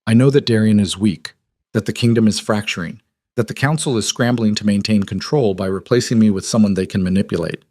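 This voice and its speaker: A man's voice: lowish voice, fairly quick, darkish tone, lightly acted. A man voicing a defiant young woman, a cast-out wolf queen, who speaks in a cool, level, unyielding way. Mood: steely.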